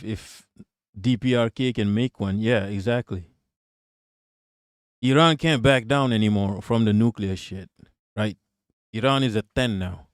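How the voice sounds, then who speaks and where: A man talks on a live stream in a blunt, profane, offhand way, answering his chat and laughing between points. His voice is mid-pitched and sits close and dry on the mic, with no room sound behind it. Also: no room sound. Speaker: streamer reacting to news and reading chat. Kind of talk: casual live-stream commentary.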